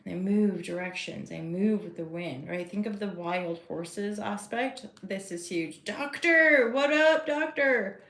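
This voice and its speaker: A woman's voice: fairly low pitch, steady tone, a little slow, gravelly, few pauses, a little mellow. A woman giving a casual live tarot reading, rambling and chatty as she talks to her viewers. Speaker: tarot reader and host. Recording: roomy echo.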